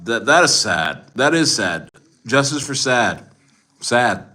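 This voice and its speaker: A man's voice: mid-range voice, sing-song, measured pace, sharp tone. A man in his forties hosting a livestream, chatting boastfully with viewers in a rambling way full of restarts. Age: 40s.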